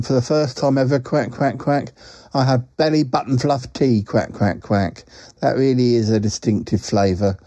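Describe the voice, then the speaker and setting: A man's voice: mid-range voice, warm tone, dry recording, lo-fi sound, natural voice. A man voicing a talking duck who rambles through a comic voice message, with plenty of ums and quacks. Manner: rambling, full of ums, quacks between phrases.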